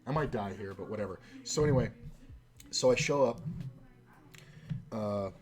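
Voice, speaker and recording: A man streams a game and chats casually, telling a rambling, profane story broken up by side comments on his play. His voice is fairly low and a little mellow, at normal speed, with faint music in the background.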